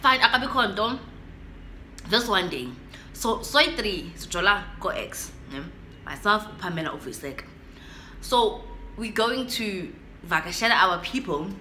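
A young woman with a South African accent telling a personal story in a casual, animated way, slipping between English and isiXhosa and acting out her own reactions. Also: medium pitch, roomy sound, slight background noise. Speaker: vlogger.

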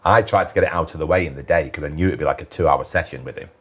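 A man who chairs a football club, telling animated anecdotes in a casual interview and mimicking the people he quotes. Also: a bass voice, rapid-fire.

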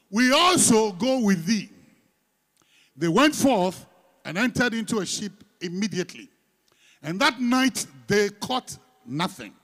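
A male pastor, leading his congregation through a scripture reading, teasing them between soft asides and loud, emphatic lines. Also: sits high. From Ghana. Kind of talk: sermon with congregational call-and-response. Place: church sanctuary.

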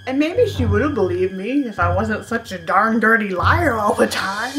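A woman's voice: medium pitch, animated, normal speed. A young woman vlogger telling a storytime tale in a sarcastic, self-mocking way. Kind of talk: storytime monologue.

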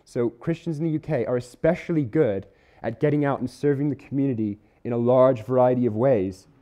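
A man delivers a church sermon in an earnest, conversational way. His voice sits at an ordinary pitch with a soft, mellow warmth. He slows down deliberately to stress the key words. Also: lo-fi sound. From Isle of Man or UK. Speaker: preacher. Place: church hall.

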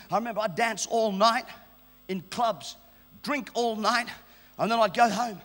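A man preaching a sermon at a church service, exuberant and shouting and joking with the congregation. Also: sits high, measured pace, pauses often, long reverb tail.

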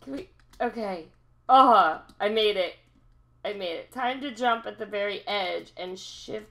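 Young woman, gaming host; excitable self-talk commentary, unhurried delivery. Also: medium pitch. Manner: excitable, talks to herself, laughs often. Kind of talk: let's-play commentary.

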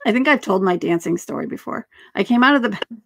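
A woman in her fifties hosting a podcast, chatting enthusiastically and asking quick questions. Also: mid-range voice, lively intonation, a bit bright. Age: 50s. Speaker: podcast host. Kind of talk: casual interview chat.

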